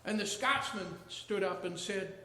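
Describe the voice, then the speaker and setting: A man's voice: high voice, unhurried, pushed and bright. A man performing a chatty stand-up comedy routine with joking asides to the audience at an open mic night. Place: small arts venue, open mic stage. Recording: echoey room.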